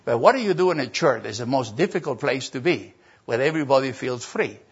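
An older man, a pastor telling a story in a sermon, animated and acting out voices. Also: medium pitch, fairly quick, slightly rough. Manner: animated, acts out voices and laughter. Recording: dull lo-fi sermon recording.

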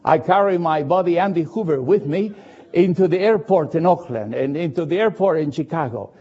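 A man preaching in a high, lively voice that climbs and drops through a dramatic retelling. His tone is dark and husky, he speaks English as a with as his first, and he moves slowly, switching between loud and hushed passages. The sound is dull and lo-fi. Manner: slow, dramatic storytelling with sudden shifts between loud and hushed. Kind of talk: sermon. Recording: dull lo-fi recording.

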